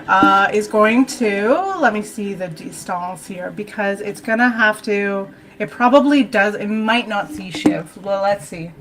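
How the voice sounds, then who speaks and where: A woman running a streamed tabletop game as game master, chatty, jokey and quick to poke fun at herself. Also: mid-range voice, fairly bright tone. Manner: chatty, jokey and self-mocking. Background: faint dramatic music.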